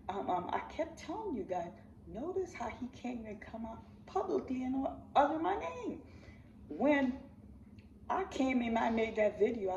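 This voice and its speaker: A woman's voice: a little high, a little mellow, slight background noise. A woman vlogger speaking with raw, repetitive intensity, calling her viewers family and pleading with them. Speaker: channel host. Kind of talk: emotional direct-to-camera vlog. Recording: roomy, distant, slightly dull sound.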